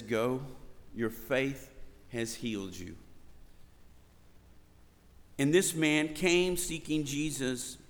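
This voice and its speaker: A man preaching a sermon, telling Bible stories in an animated way and acting out the shouted lines. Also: medium pitch. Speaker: pastor. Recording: long reverb of a hall.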